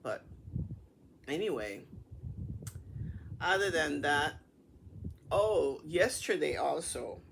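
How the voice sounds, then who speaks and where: A middle-aged woman casually telling a personal story to her camera in a chatty, animated way. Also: low voice, takes it slowly, gravelly, pauses often, a little hiss or hum. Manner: chatty, animated retelling with acted-out dialogue. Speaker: vlogger.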